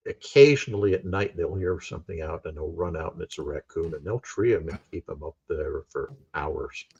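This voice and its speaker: A man's voice: low-pitched, fairly quick, darkish tone, slight background noise. A man in easygoing casual chat, hesitant at times, on dull muffled audio.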